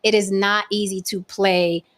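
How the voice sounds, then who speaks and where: A woman's voice: mid-range voice, little pitch movement, measured pace, fairly bright tone. A woman who works as an actress, talking casually and animatedly, swearing freely and acting out other people's voices. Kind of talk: casual chat.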